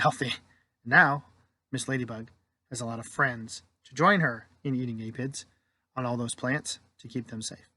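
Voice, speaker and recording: A man's voice: medium pitch, bright, forceful tone, dry recording. Man telling an ad-libbed parable casually. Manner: casual, rambling with many restarts; briefly voices the story's people in quoted lines. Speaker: storyteller.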